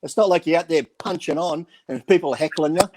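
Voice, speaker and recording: A man's voice: a little high, fast talker, background noise. A man chatting on a radio show, telling stories animatedly and acting out quotes, swearing freely. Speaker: bodybuilding radio show regular. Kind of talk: casual chat, storytelling.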